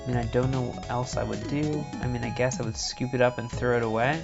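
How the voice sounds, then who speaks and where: A man's voice: mid-range voice, fairly even intonation, quick pace, gravelly. A man casually chatting and joking while streaming a game, rambling into comic rants. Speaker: streamer playing a visual novel. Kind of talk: casual live-stream banter. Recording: slightly dull lo-fi stream audio with faint music.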